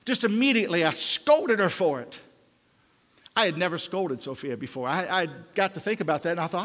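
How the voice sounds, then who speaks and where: An older man preaching a sermon. His delivery swings from loud, fervent climbs to hushed, low pleading. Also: very animated, normal speed, big-room sound.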